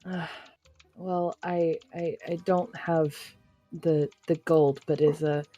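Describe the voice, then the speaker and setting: A woman voicing a polite, hesitant female adventurer in a tabletop game, with a halting way of talking. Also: sits low, little pitch movement, mellow, muffled recording, faint music behind, voice pushed down.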